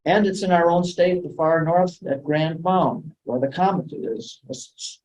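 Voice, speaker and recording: A man's voice: medium pitch, darkish tone, poor audio. Rambling man lecturing, hesitant. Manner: rambling, hesitant, many ums and restarts. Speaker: guest speaker. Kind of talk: lecture talk on sacred sites and ancient myths.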